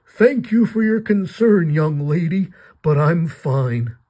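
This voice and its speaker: A man voicing a self-pitying old man who talks in a slow, mournful, drawn-out way while reading his comic aloud. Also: fairly high pitch, expressive, warm tone, pitched above the performer's own voice. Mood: polite.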